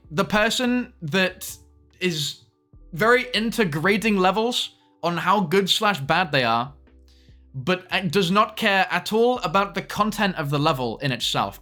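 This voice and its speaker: A young man chatting casually on a live stream, with quick asides to his chat. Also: sits high, lively intonation, sharp tone, soft background music.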